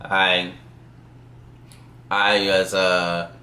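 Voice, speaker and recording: A man with a lowish voice that still has a forceful, bright edge tells a casual work anecdote. He rambles, restarts, and laughs softly between thoughts. The room around him sounds echoey. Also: little pitch movement, drawn-out words. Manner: rambling, with frequent fillers and chuckles. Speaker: software developer. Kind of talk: casual storytelling.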